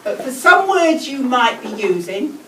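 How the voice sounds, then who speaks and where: An English woman teaching a whole class in a school classroom, giving brisk instructions and repeating key words slowly. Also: on the high side, big pitch swings, pushed and bright. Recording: echoey classroom, distant mic, noisy.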